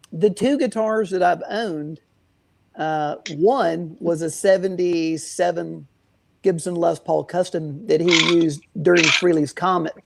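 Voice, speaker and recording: A man's voice: high voice, gravelly. A man who runs a guitar shop, answering interview questions with long rambling stories full of fillers. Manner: rambling, many fillers and restarts. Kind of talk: casual storytelling interview.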